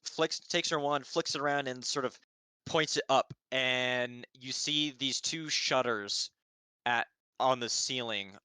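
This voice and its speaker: A man narrates a fantasy scene as the dungeon master of a live-streamed tabletop game. His voice is bright and crisp. He wanders through fillers and half-finished words as he describes the action. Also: medium pitch, unhurried, no echo. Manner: rambling with many fillers and restarts. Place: home setup, streamed live.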